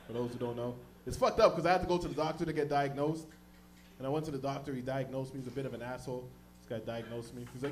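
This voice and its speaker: A man from the Toronto area doing a stand-up comedy set on a club stage, telling stories loudly and jumping into high-pitched voices for other characters. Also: quick pace, a little hiss or hum. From Toronto area, Canada. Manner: loud, animated storytelling, jumps into high-pitched voices for characters.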